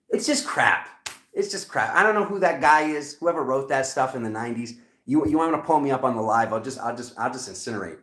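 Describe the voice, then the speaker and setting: A man's voice: medium pitch, expressive, brisk, a bit bright, reverberant. A man giving a live tarot reading who gets fired up and rants, repeating himself and breaking off mid-sentence. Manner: heated, ranting, talks over himself. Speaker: tarot reader.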